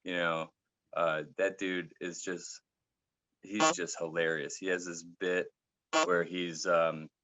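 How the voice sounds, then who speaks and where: A man co-hosting a podcast in casual chat, rambling and halting with restarts. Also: low voice, flat delivery, pushed and bright, dull audio, a little hiss or hum. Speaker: podcast co-host.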